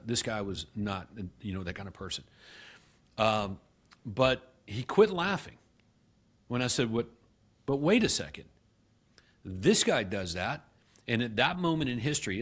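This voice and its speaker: A middle-aged man, a guest in an interview, telling his story with animated acted-out dialogue and frequent restarts. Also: fairly low pitch. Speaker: guest, real estate company CEO.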